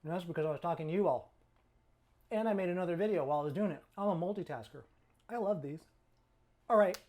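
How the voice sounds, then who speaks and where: Speaking fast in a high, warm voice, a middle-aged Californian hosts a chatty, meandering cooking vlog. He makes fun of himself and occasionally talks as he eats.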